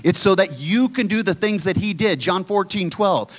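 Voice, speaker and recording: A man preaching a sermon, blunt and animated, often putting questions to his listeners. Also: sits high, normal speed, few pauses.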